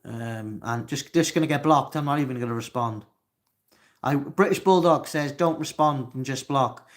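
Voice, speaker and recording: Welsh guy in his 20s doing a live stream, reads chat out loud, snaps and swears at trolls. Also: medium pitch, moderate pace. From Wales. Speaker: livestream host.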